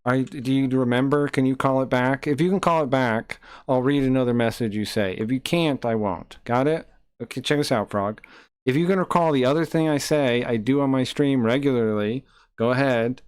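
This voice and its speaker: Man, streamer, taunting and combative, smooth clear voice, dry close mic. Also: medium pitch, moderate pace, no room sound. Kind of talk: live-stream chat reading.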